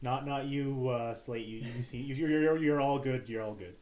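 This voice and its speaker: A man's voice: medium pitch, normal speed, a little mellow. A man chatting and joking as a player in a tabletop game. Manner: joking, stammering. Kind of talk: casual game talk.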